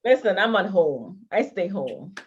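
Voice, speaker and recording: A woman's voice: mid-range voice, very animated, a little slow, dull audio, a little hiss or hum. A woman with a Jamaican accent, a podcast guest explaining her publishing business in a friendly, matter-of-fact way. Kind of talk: casual interview chat.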